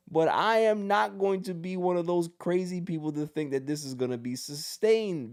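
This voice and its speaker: A man hosts a sports podcast and rants in casual commentary about his team. His voice sits a little high for a man. He is animated and joking, and he swings between gloom and fired-up bursts. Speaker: podcast host.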